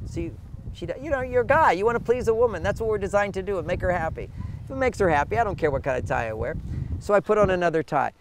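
A man's voice: high voice, very animated, fast, heavy background noise. An older man giving relationship advice in an interview, emphatic, often acting out what partners say. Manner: emphatic, acts out quoted partners. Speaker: relationship author, guest. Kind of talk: interview answers.

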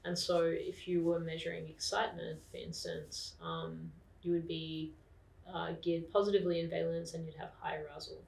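An Australian woman explaining things calmly in a casual interview, with frequent fillers. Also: sits low, normal speed, gravelly. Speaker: podcast guest. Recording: roomy, distant mic.

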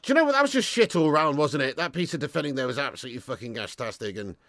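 Hosting a live football watch-along, this man swears liberally, alternates between yelling and quiet grumbling, and reads out messages from viewers. His delivery is expressive and rapid-fire, with slight background noise behind him.

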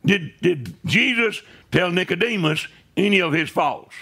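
A man preaches a sermon in a loose, conversational way, often pausing to check in with his congregation. His voice sits a little high and has a gravelly edge. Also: lively intonation, sharp tone. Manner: conversational preaching with frequent "right?" asides. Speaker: pastor. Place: church sanctuary.

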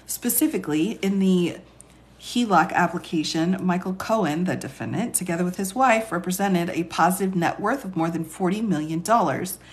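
A woman with a raspy voice and a Texas accent, an attorney on a live stream who reads legal text aloud and chats with viewers between passages, laughing often. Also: lowish voice. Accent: Texan. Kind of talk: casual live-stream reading and commentary.

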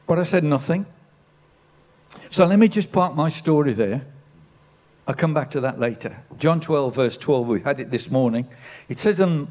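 A man's voice: fairly high pitch, a little mellow. Older man preaching a sermon. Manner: storytelling, builds to emphatic declarations. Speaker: pastor. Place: church.

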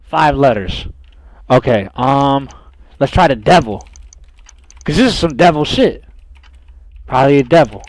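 A young man streaming a horror game, loud, profane and jumpy, talking to his chat and to the game characters. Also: medium pitch, expressive, a little slow, pauses often, no room sound. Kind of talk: horror game playthrough commentary.

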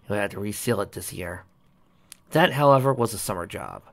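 A man's voice: fairly low pitch, animated, a little fast, vocal fry. A man reading a story aloud in a plain, slightly uneven way. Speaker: reader.

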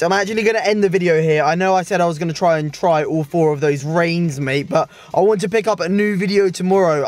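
A young British man with an English accent vlogging casually to camera, slangy and sweary, tagging "mate" onto his sentences. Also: a little high. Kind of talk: casual vlog talk to camera. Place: at home, then by car and outdoors.

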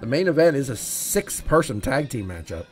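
A man's voice: mid-range voice, sing-song, moderate pace, a little mellow, soft background music. Male solo wrestling commentator, enthusiastic, conversational, addresses viewers. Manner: enthusiastic, chatty, talks straight to viewers.

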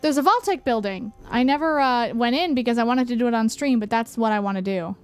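A woman streamer giving casual gameplay commentary, excitable and sweary. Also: fairly high pitch, fast, smooth, no echo, faint music behind.

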